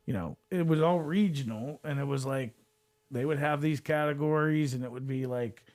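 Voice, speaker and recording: A man co-hosting a laid-back podcast, talking in loose, rambling bursts. He jokes around and likes to put on goofy voices. His voice sits a little high for a man. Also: normal speed, a little mellow. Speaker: podcast co-host. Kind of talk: casual chat.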